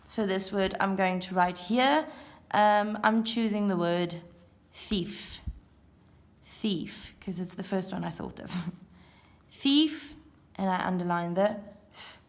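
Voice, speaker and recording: Slow, patient woman teaching phonics. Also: medium pitch. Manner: slow, clear, sounding out letters and counting aloud. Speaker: primary school teacher. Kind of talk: recorded phonics lesson for young children.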